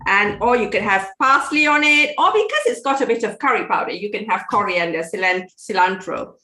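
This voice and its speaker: A woman's voice: medium pitch, expressive, fairly quick, sharp tone, roomy sound. A woman co-hosting a live cooking show from her kitchen, chatty and laughing often as she explains a recipe. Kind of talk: casual cooking demo chat. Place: home kitchen.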